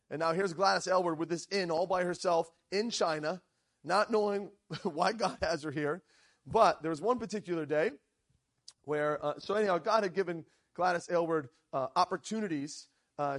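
A male preacher telling a story in a sermon, acting out the quoted lines and often checking in with "right?". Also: on the high side. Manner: animated storyteller, frequent "right?" asides, acts out quoted lines. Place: church.

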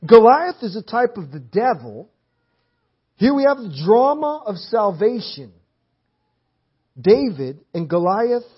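A man with a fairly high, slightly rough voice delivers a sermon in a church hall. He punches his points home through emphatic repetition in a classic preaching cadence. The audio is dull and lo-fi.

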